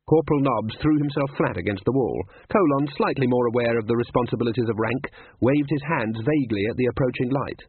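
A man reading a novel aloud as an audiobook narrator, steady and voicing each character. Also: mid-range voice, a little fast, hardly any pauses, breathy edge. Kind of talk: scripted narration. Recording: tinny narrow-band audio.

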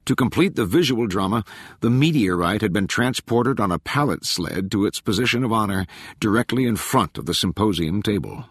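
A man narrating an audiobook in a measured, even reading with a husky voice. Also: on the low side, no room sound, studio quality. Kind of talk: scripted narration.

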